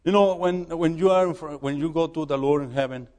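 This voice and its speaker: A man who is a missionary preaching in a church, halting and repeating words as he urges the congregation. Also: on the high side, darkish tone, big-room sound. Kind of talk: sermon.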